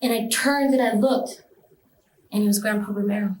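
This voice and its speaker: A woman's voice: medium pitch, fairly even intonation, moderate pace, darkish tone, reverberant, rough recording. A woman telling a personal experience in an interview, emotional and vivid, acting out the voices of others. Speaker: interview guest.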